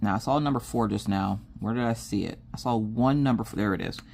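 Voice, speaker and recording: A woman's voice: a bass voice, a little fast, creaky, a little mellow, slight background noise. A woman chatting casually while she works on a diamond painting, telling stories with lots of restarts. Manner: chatty storyteller, restarts and laughs often. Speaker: crafting vlogger.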